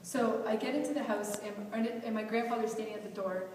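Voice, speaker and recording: A woman's voice: a little high, steady tone, fast, darkish tone. A young woman telling a personal story at a youth event, in a candid, rambling way full of "like" and restarts. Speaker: motivational speaker. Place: large hall at a youth event. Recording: echoey hall, distant mic, faint hiss.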